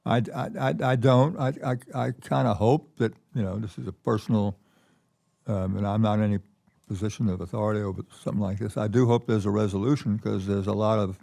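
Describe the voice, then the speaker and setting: An older man speaks as the keynote guest at a conference, spinning anecdotes with stops and restarts. His voice sits low and gravelly, with a mellow, dark tone. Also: steady tone. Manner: anecdotal storyteller, halting restarts. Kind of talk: conference conversation.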